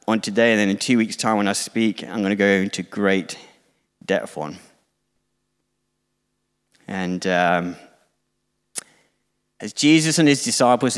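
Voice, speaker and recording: A man's voice: medium pitch, clean tone, big-room sound. A middle-aged man preaching a conversational, self-deprecating sermon to a church congregation, now and then acting out quoted dialogue.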